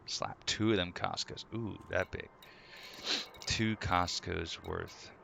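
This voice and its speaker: A man's voice: low voice, fairly even intonation, slow, creaky, bright, forceful tone, a little hiss or hum. A man live streaming, chatting casually in a joking, rambling way. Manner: joking, rambling, laughing often. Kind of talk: casual chat.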